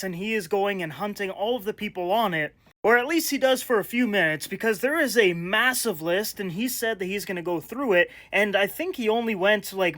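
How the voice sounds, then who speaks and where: A young man giving a casual, animated movie review, exasperated and rambling with fillers. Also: high-pitched.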